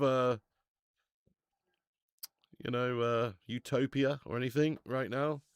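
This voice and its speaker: A man's voice: fairly high pitch, fairly bright tone, no echo, studio quality. A man hosting a live football watch-along, chatting casually, swearing and reading out viewer messages.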